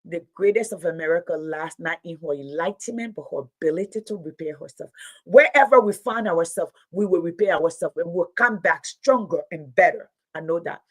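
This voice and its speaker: A middle-aged woman with a fairly low voice delivers impassioned political commentary at a brisk pace. She sounds indignant and emphatic, repeating phrases to drive her points home.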